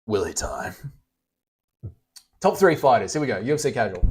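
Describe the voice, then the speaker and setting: Aussie bloke on a livestream reading chat, swears a lot and teases people. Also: male voice, lowish voice, very animated, normal speed, slightly rough. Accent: Australian. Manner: blunt, swears freely, teasing.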